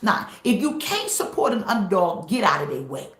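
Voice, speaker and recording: A woman pastor preaching a live-streamed sermon, emphatic and repetitive, sometimes breaking into shouts. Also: mid-range voice, very animated, normal speed, roomy sound.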